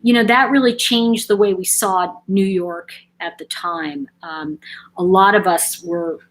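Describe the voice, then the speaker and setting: A woman's voice: mid-range voice, steady tone, a little slow, rough recording. A middle-aged woman hosting a casual live-stream chat, reading out viewer comments with lots of ums and restarts. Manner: chatty, reads out viewer comments, frequent ums and self-corrections.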